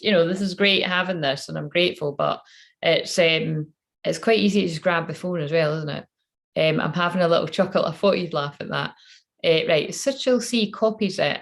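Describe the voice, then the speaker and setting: A woman with a lowish voice chatting casually on a live stream as a psychic reader. She talks in a loose, self-mocking way, drops swear words freely, and slips into quiet muttering and whispers to herself between remarks. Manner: mutters and whispers to herself while fiddling with the phone.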